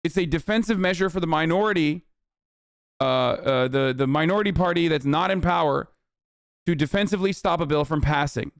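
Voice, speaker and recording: A man with a smooth, clean voice pitched a little above the usual for men, ranting heatedly on a live stream. He swears freely and turns sarcastic as he tears into what he hears. The sound is dry and close, with no room around it. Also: brisk, dry recording. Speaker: streamer reacting to news. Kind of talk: live-stream reaction rant.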